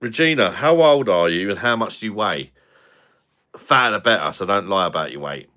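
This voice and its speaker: A man's voice: low-pitched, expressive, fairly quick, a bit bright. A man hosting a live stream, chatting casually with viewers and trading crude jokes with a lot of laughter. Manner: crude joking banter, laughs often.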